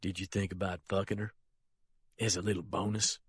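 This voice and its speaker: A man voicing a calculating older male colonel who talks in a low, quiet, smoothly menacing way. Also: flat delivery, fairly quick, dry recording, clean studio sound. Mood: quietly menacing.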